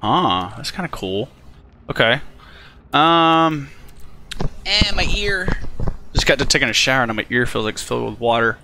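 A man talks through a game in loose, animated let's play commentary, chatting to the creatures he meets and swearing freely. His voice is bright and forceful, sitting at an average pitch. Faint noise hangs behind the recording. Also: moderate pace, long pauses. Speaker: gaming channel host.

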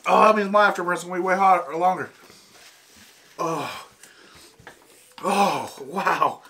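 A man's voice: high voice, a little slow, sharp tone, slight background noise. A man with an Ohio accent chatting casually on a food challenge vlog while gasping and groaning through burning heat. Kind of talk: casual chat.

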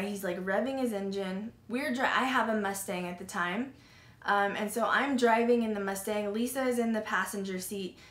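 A woman hosting a paranormal podcast tells her own story in a loose, animated way, with lots of "like" fillers and the odd curse word. Her voice sits at an ordinary middle pitch for a woman. The room around her gives a noticeable echo. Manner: animated, filler-heavy retelling with frequent "like" and swearing. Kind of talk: casual storytelling. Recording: roomy echo.

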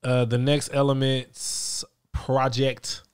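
A man hosting a podcast in relaxed, joking casual chat. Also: medium pitch, smooth. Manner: laid-back, joking, slow drawl. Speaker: podcast host.

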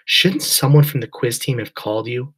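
A man voicing a caring woman family friend, concerned and warm. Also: mid-range voice, moderate pace, slightly rough.

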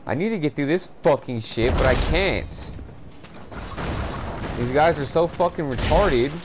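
A man with a fairly high, animated voice delivers unhurried but profane, frustrated rants at viewers during a game walkthrough. The background is noisy.

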